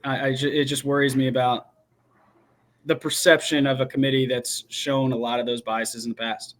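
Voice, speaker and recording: A man's voice: mid-range voice, flat delivery, moderate pace. A young man talking college football in a casual, rambling way, restarting his sentences as he builds his opinions. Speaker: guest football commentator. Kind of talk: casual sports talk.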